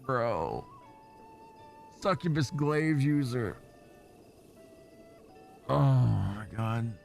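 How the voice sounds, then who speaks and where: A young man streaming and chatting with viewers, telling stories in a profane, animated way and slipping into mocking impressions. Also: mid-range voice. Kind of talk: casual chat with stream viewers.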